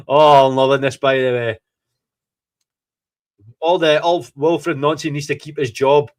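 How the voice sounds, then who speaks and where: A Scottish man hosting a fan podcast, reacting live to a football match in an excitable, gloating way and swearing freely. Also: medium pitch, moderate pace, pauses often.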